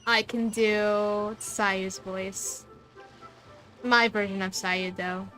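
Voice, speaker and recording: A woman's voice: medium pitch, little pitch movement, drawn-out words, fairly bright tone, soft background music. A woman streamer with a light soprano voice, chatting casually and giggling while she plays. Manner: chatty, giggly, lots of restarts. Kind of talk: casual livestream chat while gaming.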